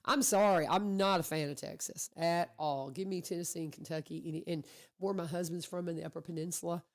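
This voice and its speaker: Chatty low-voiced woman radio host. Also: a little fast. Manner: chatty, animated storyteller who acts out quotes. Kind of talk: casual conversational interview. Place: radio studio.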